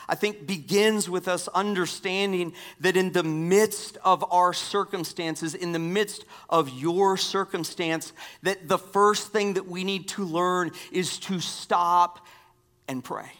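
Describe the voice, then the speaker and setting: Man preaching, swinging from loud to hushed. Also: high voice. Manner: dynamic swings from loud emphasis to hushed near-whispers; repeats key phrases for emphasis. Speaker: pastor. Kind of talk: sermon.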